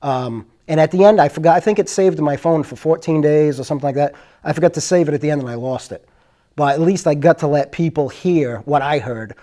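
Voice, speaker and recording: A man's voice: on the high side, brisk, mellow. A man hosting his own show, telling spooky stories in a rambling, earnest, conversational way. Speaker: host. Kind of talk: casual storytelling.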